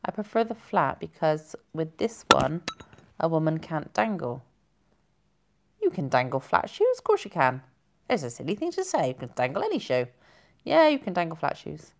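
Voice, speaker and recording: A woman's voice: low voice, very animated, normal speed, vocal fry. A woman hosting a casual live stream, chatting and giggling as she reads out viewer comments. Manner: chatty and giggly, rambling with self-corrections.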